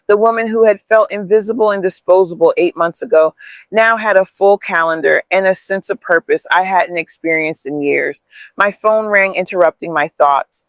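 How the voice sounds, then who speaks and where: A man reads a scripted family story in a steady, even manner. His voice sits a little high and is recorded dry and close, with no room sound. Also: clear, resonant tone, dry recording. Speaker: narrator.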